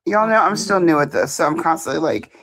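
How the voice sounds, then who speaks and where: A woman's voice: sits low, brisk. A woman hosting a casual live stream, laughing often and poking fun at herself. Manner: laughing, animated, self-deprecating.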